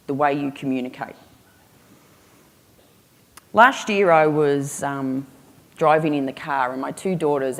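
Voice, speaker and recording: A woman giving a keynote speech, telling stories with punchy humour and pointed rhetorical questions. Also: low voice. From Australia. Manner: punchy, humorous, emphatic delivery with rhetorical questions. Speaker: keynote speaker. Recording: reverberant hall.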